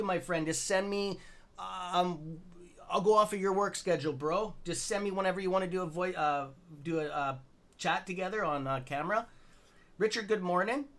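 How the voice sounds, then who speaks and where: Rambling Canadian man, slightly high voice. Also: fairly bright tone. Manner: rambling, loose and friendly, greets viewers by name, says "man" and "bro". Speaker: stock trading livestream host. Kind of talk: casual livestream chat.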